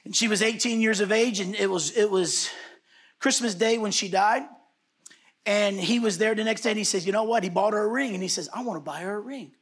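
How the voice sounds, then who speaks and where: A man preaching a sermon, impassioned, swinging between shouted bursts and hushed whispers. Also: high-pitched, steady tone, fairly quick.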